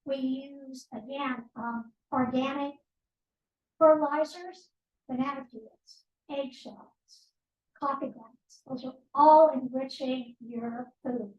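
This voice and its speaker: A woman with a high voice gives a guest talk at a team meeting. She explains things plainly and adds wry asides. She sounds far from the microphone, in a reverberant office room. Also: steady tone, takes it slowly, a little mellow, highs cut off. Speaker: guest speaker, nonprofit board president. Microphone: distant room microphone.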